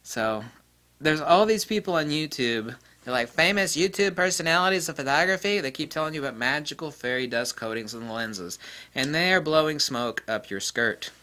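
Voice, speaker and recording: A man's voice: on the high side, lively intonation, normal speed, pushed and bright. A man hosting a photography video, ranting in a blunt, sarcastic way, swearing freely, mocking other people's claims and laughing at his own jokes. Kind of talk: ranting casual monologue.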